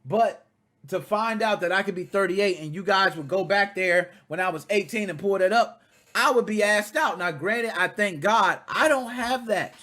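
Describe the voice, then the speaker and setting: A man in his thirties hosting casual commentary, talking straight to his viewers in a blunt, profane, animated way. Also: high-pitched, moderate pace. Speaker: commentary channel host.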